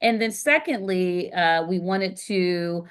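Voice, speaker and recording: A middle-aged woman co-hosting a podcast, telling stories in a lively way with frequent filler words. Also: lowish voice, slow pace, clean tone. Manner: animated storyteller, frequent "um" fillers. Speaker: podcast co-host and performer. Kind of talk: casual chat.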